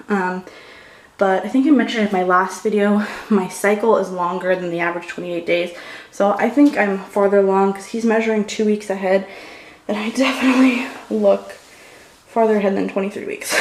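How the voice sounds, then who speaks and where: A young pregnant woman chatting casually in a vlog, rambling and emotional, losing her sentences. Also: mid-range voice. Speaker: beauty vlogger. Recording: echoey room, faint noise.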